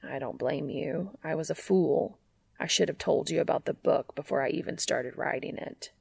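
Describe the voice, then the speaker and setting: A woman drops her voice to play an earnest, solemn young man in a fan fiction reading. He speaks quietly and formally with a gravelly fry, recorded close and dry. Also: deep voice, normal speed, no echo, voice pushed down, full character voice.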